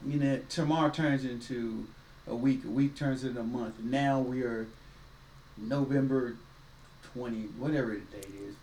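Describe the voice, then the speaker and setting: A man's voice: medium pitch, steady tone, normal speed, a little mellow, a little hiss or hum. A man co-hosting a casual faith-based podcast, talking in a folksy, preachy way with quoted voices. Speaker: podcast co-host. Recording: roomy echo, distant mic, faint ambience.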